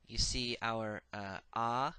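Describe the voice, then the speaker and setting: A man's voice: medium pitch, fairly even intonation, takes it slowly, bright, forceful tone, clear, resonant tone, no echo. A man giving a recorded grammar lecture, methodical and patient, saying each form twice with frequent "uh" fillers. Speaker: Hebrew grammar teacher.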